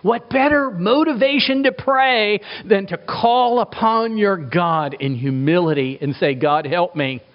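A middle-aged man preaching a sermon as a pastor, emphatic, asking rhetorical questions and swinging his pitch for effect. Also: lively intonation, unhurried, hardly any pauses. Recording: dull lo-fi recording.

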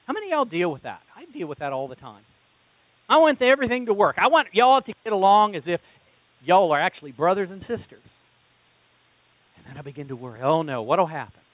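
A man preaching a sermon as pastor, animated and throwing rhetorical questions at his congregation. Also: high-pitched, fairly quick, long pauses, no echo. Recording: tinny phone-like sound.

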